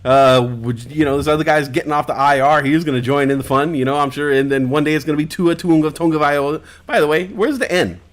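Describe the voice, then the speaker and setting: A man's voice: fairly high pitch, fairly even intonation, fast, hardly any pauses. A man hosting a live-stream talk show, chatting casually with rambling jokes and plenty of swearing. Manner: rambling, joking, profane. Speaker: host. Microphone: headphones and desk mic at home stream.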